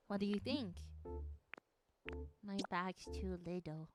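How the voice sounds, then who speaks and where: A woman's voice: mid-range voice, slow, pauses often. Giggly young woman streamer over game music. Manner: giggly and gushing, slips into Japanese. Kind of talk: casual game stream commentary.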